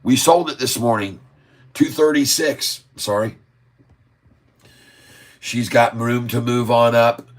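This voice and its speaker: A man hosting a live stock-market stream, excitedly calling price moves, drawing out sing-song chart calls and repeatedly addressing viewers as folks. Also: medium pitch, slow, long pauses. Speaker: stock market channel host.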